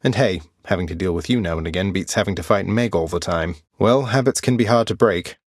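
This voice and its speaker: A man's voice: low-pitched, a little fast, dry recording. A man voicing a wry, polite young prince of the underworld, in video game voice lines. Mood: teasing. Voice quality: dry, wry and teasing. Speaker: game character.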